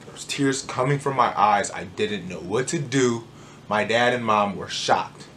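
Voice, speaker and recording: A man's voice: lowish voice, measured pace, slight background noise. Young guy telling a storytime vlog. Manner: animated, joking, acts out moments. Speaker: vlogger.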